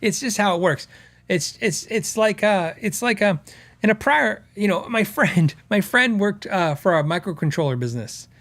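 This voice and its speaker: An animated male podcast host with a high, slightly bright voice talks at normal speed while reading viewer comments. It's a casual, conversational chat, rambling with restarts and quotes he acts out.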